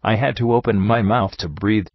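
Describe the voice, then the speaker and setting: A man reads a book aloud in a steady, measured narration. His voice sits fairly low. The recording is dry, with no room sound, and slightly muffled, with a lo-fi edge. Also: no room sound. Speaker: audiobook narrator. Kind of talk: scripted narration.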